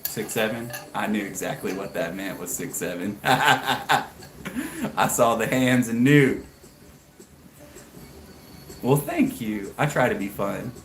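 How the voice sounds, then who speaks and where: A man's voice: lowish voice, takes it slowly, long pauses, fairly bright tone, roomy sound, a little hiss or hum, rough recording. Chatty American man in his thirties. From United States. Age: 30s. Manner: chatty, greets viewers by name. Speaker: livestream host. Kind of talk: casual livestream chat. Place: home garage.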